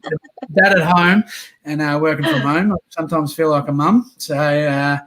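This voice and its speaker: With background noise behind him, an Australian livestream host speaks in a fairly high, steady voice at a moderate pace. His casual interview style is relaxed and rambling, heavy on fillers.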